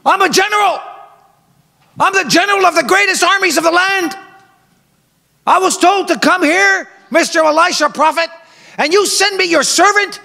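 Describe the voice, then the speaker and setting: A man's voice: very high-pitched, normal speed, creaky, pauses often, pushed and bright, long reverb tail, voice pushed up, exaggerated voice. A man acting out a proud, indignant army general within a sermon. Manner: indignant, outraged.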